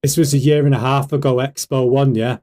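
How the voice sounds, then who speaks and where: A man's voice: medium pitch, steady tone, brisk, warm tone. Hyped British man talking to his stream chat. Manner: hyped, rhetorical, keeps asking the chat questions. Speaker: livestream host. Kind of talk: casual livestream commentary.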